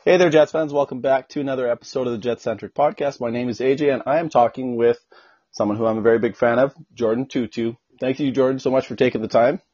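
A man's voice: medium pitch, steady tone, fast talker, darkish tone, breathy edge, lo-fi sound. A man hosting a podcast, talking in a loose, chatty, conversational way as he introduces and interviews a guest. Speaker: podcast host.

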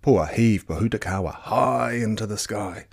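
A man reading a picture book aloud with lively storytelling. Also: moderate pace, creaky. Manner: lively storytelling with high voices for characters. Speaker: storybook reader.

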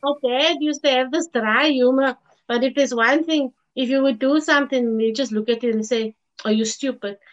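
A South African woman with a high voice shares stories about her loved ones. She laughs easily as she talks and stays fond throughout. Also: normal speed, muffled recording. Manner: fond, laughing often while telling stories. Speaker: guest. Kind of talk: personal storytelling in an interview.

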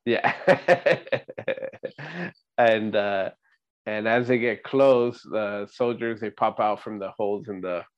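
A man with a lowish voice co-hosts a relaxed movie rewatch show. He recaps the plot scene by scene and keeps asking "right?" along the way. The audio sounds somewhat dull and lo-fi. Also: takes it slowly. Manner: recaps scenes step by step, often checking in with "right?". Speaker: podcast co-host. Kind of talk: casual movie rewatch chat.

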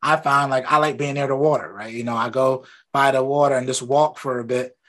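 A man hosting an interview from his home office, talking in a relaxed, rambling way about his own habits. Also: mid-range voice, fairly quick. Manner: relaxed and talkative, rambling anecdotes. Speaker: podcast host. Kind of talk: casual interview chat.

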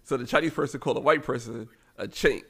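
A man with a gravelly, fry-edged voice, chatting casually as a podcast co-host. He tells stories with animated quoted voices, in a middle pitch. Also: fast talker. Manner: animated storyteller acting out quotes. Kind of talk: casual storytelling chat.

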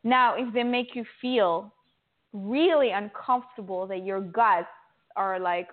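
A woman's voice: mid-range voice, a little slow. Chatty woman on a phone line. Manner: chatty, lots of "like" and "you know". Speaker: guest actress. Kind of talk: casual interview chat.

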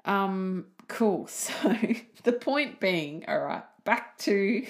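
A woman's voice: mid-range voice, lively intonation, extremely slow. A woman from Australia hosting a podcast, talking casually, giggling often and wandering off on tangents. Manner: giggly, self-mocking, goes off on tangents. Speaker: podcast host. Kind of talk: rambling casual podcast monologue. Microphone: desk mic, typing heard.

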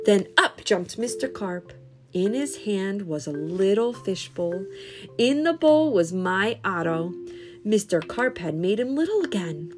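A woman reading a children's story aloud in a slow, expressive, sing-song way. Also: medium pitch, faint music behind.

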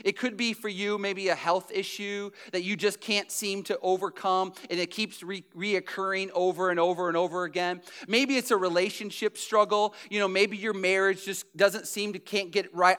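A man preaching a sermon as pastor, repeating key phrases with emphasis and swinging between soft and loud delivery. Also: sits high, steady tone, normal speed, hardly any pauses, clean tone.

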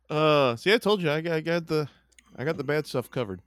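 A man's voice: on the high side, expressive, normal speed, a bit bright, dry recording, studio quality. A man co-hosting a casual chat, goofy and joking, laughing often. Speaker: podcast co-host.

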